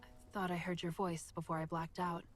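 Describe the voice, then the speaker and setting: An actress playing a kind young heroine in a story game, speaking gently and with light teasing. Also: female voice, lowish voice, little pitch movement, brisk, soft background music, close to an everyday voice.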